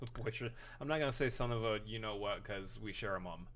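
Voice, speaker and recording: A man's voice: on the low side, fast, fairly bright tone. A man co-hosting a casual movie podcast, making dry jokes and banter. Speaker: podcast co-host.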